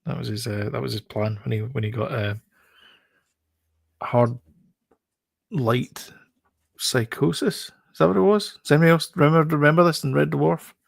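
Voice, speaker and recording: A man's voice: mid-range voice, fairly even intonation, normal speed, gravelly, pauses often, no room sound, studio quality. A man co-hosting a podcast, rambling and joking about films and TV. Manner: rambling, jokey, riffs on film trivia. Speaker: podcast co-host. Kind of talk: casual chat.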